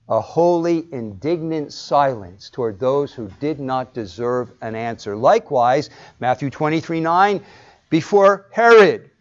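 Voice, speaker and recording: A man preaching a sermon and reading scripture, stressing words hard and then dropping to a hush. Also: on the high side. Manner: emphatic, shifts between loud stresses and hushed drops. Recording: dull lo-fi recording.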